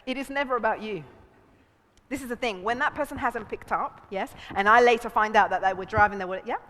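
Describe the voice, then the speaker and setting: Woman, seminar leader, fairly high voice, lively, acts out quotes, reverberant hall. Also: brisk. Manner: animated, acts out voices in quotes, laughs often. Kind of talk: relationship seminar talk. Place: seminar room.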